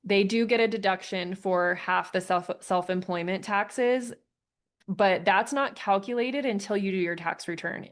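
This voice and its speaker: A woman's voice: mid-range voice, unhurried. A woman hosting a live online Q&A, answering questions in a casual, chatty way with frequent laughs. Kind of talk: live Q&A session.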